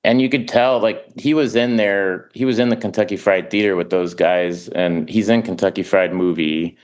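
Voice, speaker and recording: Low-voiced man telling rambling stories. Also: steady tone. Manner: rambling, halting, many restarts and quick impressions. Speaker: guest, actor and comedian. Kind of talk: casual podcast conversation.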